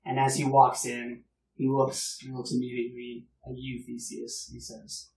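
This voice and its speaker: A man running a tabletop game as game master, narrating in a relaxed, hesitant way. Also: mid-range voice, normal speed, creaky. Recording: roomy, distant mic.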